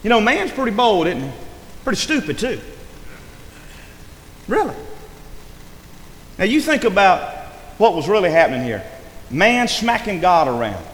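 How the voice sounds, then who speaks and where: A man's voice: high-pitched, very animated, a little slow, pauses often. A man preaching a sermon in a rising and falling preaching cadence, often stressing his words. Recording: echoey hall with long reverb, faint noise.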